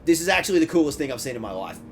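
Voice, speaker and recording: A man's voice: on the high side, rapid-fire, a little hiss or hum. A man streaming a game, joking and riffing in casual chat while swearing freely. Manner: jokey, riffing, swearing, lively bits. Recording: music playing behind.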